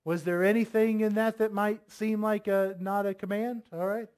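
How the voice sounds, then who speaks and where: A man's voice: sits high, fairly even intonation, moderate pace, darkish tone. A man preaching a sermon, reading scripture aloud, firmly voicing commands and asking the congregation many questions. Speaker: pastor.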